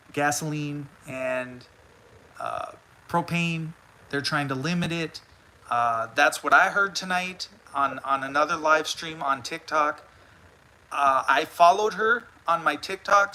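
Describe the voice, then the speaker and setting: A man's voice: a little high, pushed and bright, slight background noise, low-quality recording. An American man hosting a casual live stream, earnestly rambling with frequent restarts as he responds to viewer comments. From United States. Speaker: livestream host.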